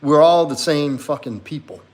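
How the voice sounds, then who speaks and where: A man's voice: on the high side, moderate pace. A man hosting a casual livestream as a men's coach, reading viewer comments aloud and reflecting on them earnestly.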